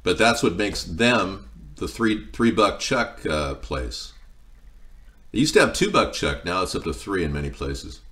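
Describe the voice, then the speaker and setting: Low-voiced man rambling on a cooking livestream. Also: animated, measured pace, fairly bright tone. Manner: rambling, meandering storytelling, answering chat. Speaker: livestream host. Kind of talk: casual live-stream chat while cooking.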